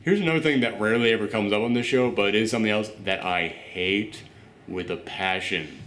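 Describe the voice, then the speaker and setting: A man's voice: lowish voice, brisk, a bit bright, a little hiss or hum. Ranting man in an echoey room. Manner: ranting, exasperated. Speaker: host. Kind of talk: casual review chat.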